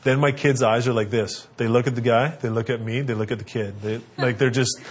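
A man in his thirties, a father, casually telling family stories and giving parenting advice, acting out his kids in high squeaky voices. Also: brisk, hardly any pauses, breathy edge. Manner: animated, acts out kids' voices in a high pitch.

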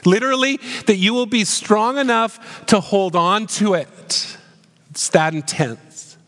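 A man preaching a sermon as pastor, earnest and questioning, slowing down to stress key phrases. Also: sits high, a bit bright. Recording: long hall reverb.

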